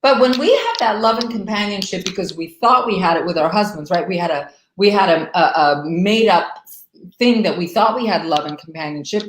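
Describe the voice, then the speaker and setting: A woman's voice: mid-range voice, a little fast, reverberant, rough recording. Emphatic woman hosting a live stream. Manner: emphatic, animated, talks straight to her viewers. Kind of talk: live stream talk to viewers.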